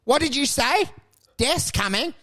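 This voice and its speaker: A man voicing a cranky old man with a walking stick, gruff and threatening, in a comedy bit. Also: very high-pitched, lively intonation, measured pace, pushed and bright, pitched above the performer's own voice, full character voice.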